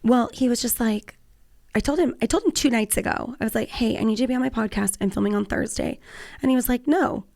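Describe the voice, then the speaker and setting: A chatty Californian woman in her forties hosts a podcast, talking freely with lots of laughter and casual swearing. Her voice sits a little high and carries a gravelly fry. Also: fast, a little mellow. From Southern California. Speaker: podcast host. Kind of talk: casual chat.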